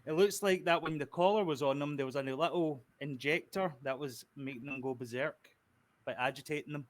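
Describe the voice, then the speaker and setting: A man, narrating a tabletop game as game master in a relaxed, halting way. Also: on the high side.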